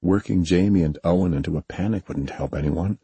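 Deep husky male audiobook narrator. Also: brisk, dark tone, no echo. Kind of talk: scripted narration.

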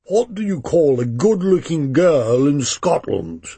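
A man voicing a group of drunk, posh young English men who talk loudly, slur and mock. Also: on the high side, lively intonation, unhurried, vocal fry, husky, no room sound, voice pushed up, exaggerated voice. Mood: leering, mocking. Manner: loud, slurring, mocking.

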